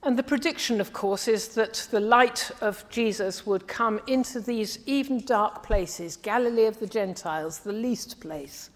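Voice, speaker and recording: Earnest midlands-raised woman giving a sermon, measured, voice ringing round a big church hall. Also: on the high side. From English Midlands. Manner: measured, earnest, dropping softly at phrase ends. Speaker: preacher. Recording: long hall reverb.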